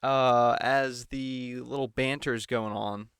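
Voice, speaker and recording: Man, mocking commentator, slow drawl, smooth crisp voice. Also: mid-range voice, steady tone, a bit bright, dry recording, clean studio sound. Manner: mocking, mimics the anchors in exaggerated voices. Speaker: political commentator. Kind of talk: sarcastic solo commentary.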